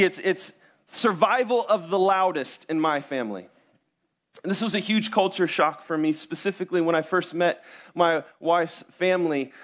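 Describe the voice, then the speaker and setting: Man, pastor, high voice, sermon, conversational, rhetorical questions, young adult. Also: a bit bright. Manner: conversational, self-deprecating storytelling with rhetorical questions. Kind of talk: sermon with prayer and personal stories.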